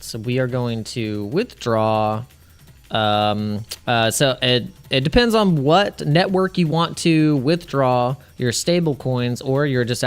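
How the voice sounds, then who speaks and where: A man's voice: mid-range voice, smooth. Rambling man hosting a crypto livestream. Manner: rambling, restarts often, laughs at own jokes. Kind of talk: casual livestream chat.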